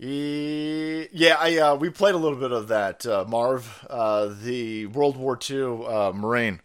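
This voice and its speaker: A man's voice: mid-range voice, takes it slowly, clear, resonant tone. A middle-aged man hosting a ranting commentary livestream, profane and sarcastic. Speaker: livestream host.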